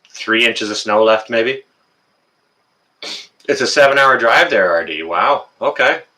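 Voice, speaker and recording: Bright-voiced man chatting on a livestream. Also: fairly low pitch. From Canada. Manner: greets chat viewers by name, chatty, many fillers. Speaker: livestream host. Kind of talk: casual livestream chat.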